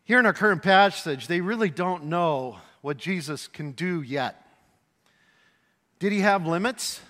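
A pastor with a high voice delivers a sermon at an unhurried pace, animated and lively, now and then acting out voices and rising to a shout for emphasis. His sound is bright and forward, with the long reverb of a big hall trailing each phrase.

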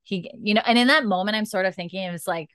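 A woman's voice: mid-range voice, fast, fairly bright tone, no room sound. A woman hosting a podcast, recapping a TV episode in rambling casual chat full of fillers, eating dinner as she talks. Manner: rambling, filler-heavy storytelling. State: eating dinner while talking. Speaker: podcast host.

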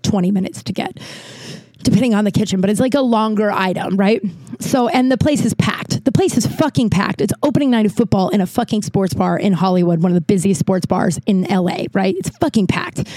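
A woman's voice: medium pitch, dark tone, no echo. A woman telling a story in a casual, chatty way, full of fillers and swearing, acting out what people said. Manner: chatty, lots of "like", swears, acts out quotes.

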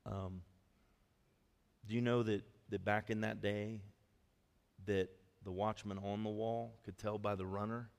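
A man preaching a sermon as pastor, telling a story in a lively, conversational way with quick asides. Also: fairly low pitch, creaky, in a large hall. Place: church hall.

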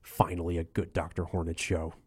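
A man's voice: low-pitched, monotone, brisk, darkish tone, husky, no echo, clean studio sound. A man hosting a comedy call-in radio show who stammers, grumbles and talks openly angry.

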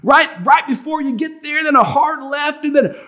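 A man's voice: very high voice, normal speed, pushed and bright, voice pushed up. A man telling a story who voices a kindly elderly gas station clerk, giving folksy, rambling directions in a raised voice. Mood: helpful. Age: older.

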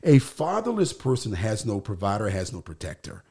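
A low-voiced man with a dark, mellow tone explains scripture in an emphatic, preacherly way. His pitch rises and falls widely as he builds his points through repeated phrases. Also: wildly swooping pitch, moderate pace, breathy edge. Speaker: pastor and guest. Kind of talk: conversational teaching on scripture.

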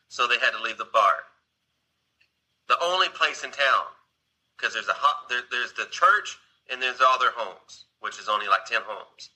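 A man's voice: mid-range voice, moderate pace, sharp tone, poor audio. A man casually retelling a film scene, rambling along with restarts and asides to his listener. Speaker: storyteller.

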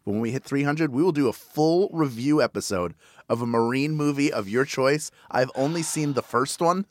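A man co-hosts a podcast and makes a playful, upbeat pitch to listeners. His voice sits at a middling pitch. The recording is dry and close with no room sound. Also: moderate pace, dry recording. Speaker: podcast co-host. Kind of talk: casual podcast chat, fundraising pitch.

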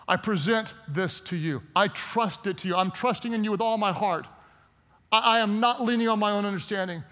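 A man preaches in a high, ringing voice, emphatic and drawing responses from the congregation. His words carry a long reverb from a large church hall. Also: a bit bright. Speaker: pastor. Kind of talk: sermon.

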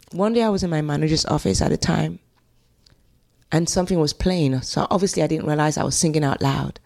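A woman's voice: low voice, fairly quick, gravelly. A middle-aged woman with a Nigerian accent, telling stories as an interview guest and acting out quotes. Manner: animated storyteller who scats and acts out quotes. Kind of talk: conversational interview storytelling.

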